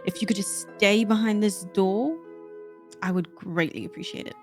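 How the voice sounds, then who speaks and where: A woman's voice: medium pitch, animated, normal speed, music in the background. A woman playing a tabletop role-playing game, polite and slightly flustered. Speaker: player.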